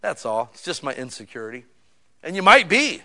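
Man, pastor, sermon in a small church, bright tone, a bit high-pitched, chatty, loud bursts and soft asides. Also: very animated, fairly quick. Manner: conversational preaching that swings from loud emphatic bursts to quiet, intimate asides.

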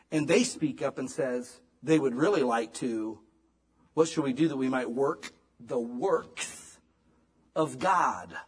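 A man giving a sermon in a casual, conversational way, swinging between emphatic loud lines and hushed ones. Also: mid-range voice, breathy edge. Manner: casual, conversational preaching with slang. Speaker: pastor.

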